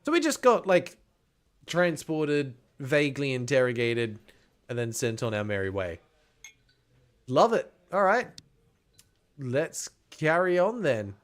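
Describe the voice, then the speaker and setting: A man's voice: mid-range voice, sing-song, slow, pauses often. A young man commentating a story game, reading its text aloud with playful, wry asides. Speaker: gaming streamer.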